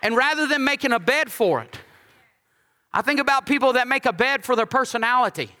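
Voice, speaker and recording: Bright, high-voiced male preacher in a big hall. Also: fairly quick. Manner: lively, conversational preaching with humor and asides; repeats key lines for emphasis. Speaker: pastor. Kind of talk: sermon.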